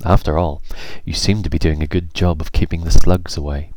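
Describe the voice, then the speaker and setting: A man voicing a polite, earnest young girl in a storybook, speaking softly. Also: low voice, steady tone, a little fast, lightly acted. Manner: soft, earnest.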